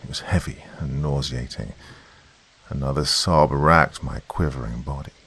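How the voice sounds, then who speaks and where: Male horror narrator, very deep, gravelly, dramatic delivery. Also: steady tone, normal speed, fairly bright tone.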